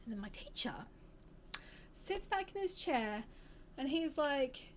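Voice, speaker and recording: An Australian vlogger in her twenties tells a personal story to camera in a high, sing-song voice, speaking slowly with long pauses. She's candid and rambling, frequently restarting sentences, and the recording carries a little hiss or hum.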